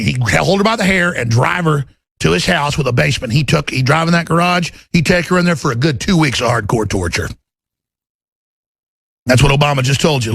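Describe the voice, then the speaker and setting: Talk radio host, man, middle-aged; husky rasp, fairly high-pitched, fierce rant. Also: brisk, fairly bright tone, dry recording. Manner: intense, ranting, swings to menacing low growls in acted quotes. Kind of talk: political talk radio monologue.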